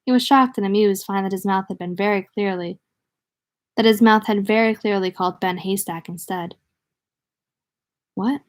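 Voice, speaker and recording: A woman reads a novel aloud in an easygoing, unpolished way. She gives the dialogue lively voices and breaks off now and then to chat and laugh. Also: mid-range voice, moderate pace, pauses often. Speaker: audiobook reader. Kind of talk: casual read-aloud of a novel.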